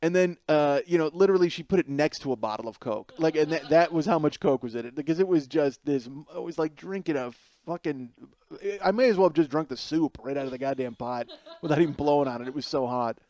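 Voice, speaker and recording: A middle-aged man hosting a podcast, telling a comedic story in an animated way, swearing freely and laughing through the punchlines. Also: on the high side, fast talker, dry recording. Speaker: podcast host.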